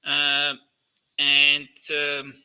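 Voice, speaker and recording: A man's voice: on the high side, completely flat delivery, very slow, pushed and bright, clean tone, low-quality recording. A man hosting a live trading Q&A, talking through charts in a chatty way, full of fillers and questions to his viewers. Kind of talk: live-stream market commentary.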